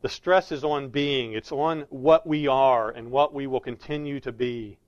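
A man's voice: mid-range voice, steady tone, dry recording. Guy preaching a verse-by-verse sermon, earnest, punches key words, dry slightly muffled audio. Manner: earnest, stresses key words with slow emphasis. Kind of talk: expository sermon.

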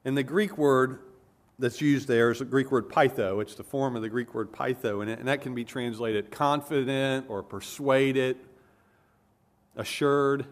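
Man, preacher, expository sermon, middle pitch, earnest, emphatic teaching. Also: fairly even intonation, measured pace.

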